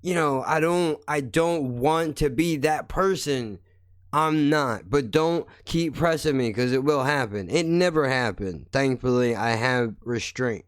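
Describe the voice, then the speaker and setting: A man's voice: mid-range voice, a little slow, no room sound, studio quality. A man hosting a podcast, ranting in a blunt, heated, constantly swearing monologue. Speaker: podcast host. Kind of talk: angry profane monologue.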